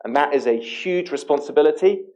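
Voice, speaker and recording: A man's voice: on the high side, animated, brisk, darkish tone, lo-fi sound. A man giving the closing remarks at a graduation ceremony, speaking earnestly and personally with occasional hesitations. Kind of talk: ceremony speech.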